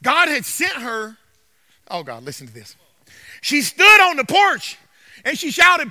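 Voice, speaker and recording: A man's voice: very high voice, big pitch swings, moderate pace, sharp tone, dry recording. A male pastor preaching a sermon with emphatic repetition, asking "Amen?" as he goes.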